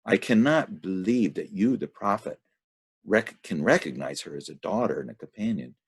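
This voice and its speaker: A man's voice: low voice, expressive, moderate pace, creaky, slightly rough, voice pushed up, exaggerated voice. A man reading the lines of a frightened male traveler in the underworld, in an anxious, questioning manner.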